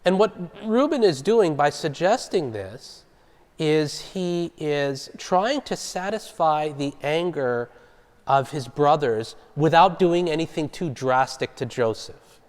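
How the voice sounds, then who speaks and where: A man's voice: on the high side, lively intonation, takes it slowly. A man leading a Bible study in a conversational teaching style, explaining a passage and putting questions to his group. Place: church hall. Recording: long reverb of a large hall.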